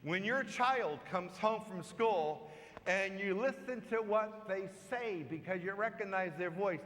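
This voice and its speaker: A priest preaches a homily, telling a story at a slow, emphatic pace. His voice sits high for a man. A long church reverb trails after each line. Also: a bit bright, slight background noise. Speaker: parish priest. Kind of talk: sermon.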